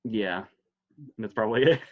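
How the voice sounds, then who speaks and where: A man co-hosting a podcast in casual chat, laughing often and talking in an animated, rambling way. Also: on the low side, normal speed, lo-fi sound. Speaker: podcast co-host. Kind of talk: casual chat about films.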